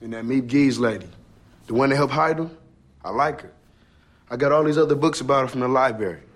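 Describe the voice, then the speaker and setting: A man's voice: mid-range voice, fairly quick, lightly acted. An actor playing an earnest, streetwise teenage boy student in a film scene, with slangy, heartfelt delivery. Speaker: film character.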